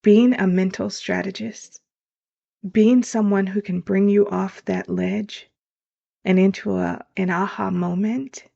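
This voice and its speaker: Woman, life coach podcast host, earnest coaching tone, warm low timbre, slightly muffled sound. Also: vocal fry. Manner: earnest, coaching, speaks directly to listeners. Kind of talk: motivational podcast monologue. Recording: dull lo-fi sound.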